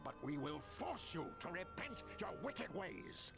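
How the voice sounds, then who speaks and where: A man's voice: high voice, big pitch swings, a little slow, gravelly, a bit bright, soft background music, exaggerated voice. An actor playing a zealous, menacing male temple priest in a video game, ranting and condemning.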